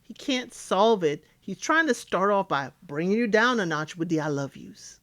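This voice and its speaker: Animated woman recapping reality TV. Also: mid-range voice, moderate pace. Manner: animated, acts out cast members' lines. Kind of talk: casual recap commentary.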